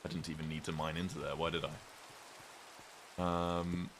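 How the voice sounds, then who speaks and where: A British streamer with a notably deep voice chats casually and a little slowly while playing a game. He meanders, reads viewer messages aloud, and responds in a relaxed manner. Faint rain can be heard beneath his voice.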